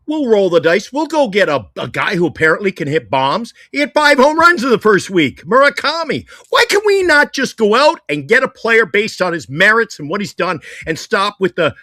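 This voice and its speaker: A sports talk host on a live stream, ranting excitedly about their team and often breaking into laughter. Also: medium pitch, normal speed, hardly any pauses, no room sound, clean studio sound.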